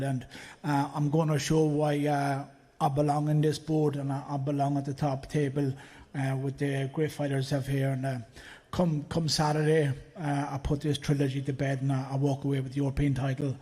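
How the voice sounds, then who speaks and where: A man's voice: mid-range voice, monotone, fairly quick, mellow. A man, a bare knuckle fighter, speaking confidently with many fillers at a press conference.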